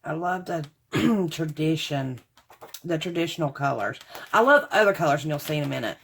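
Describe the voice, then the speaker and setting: A woman's voice: sits low, expressive, normal speed, a little hiss or hum. A woman, chatting casually to camera about craft supplies she bought, rambling and calling her viewers y'all. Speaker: craft haul vlogger.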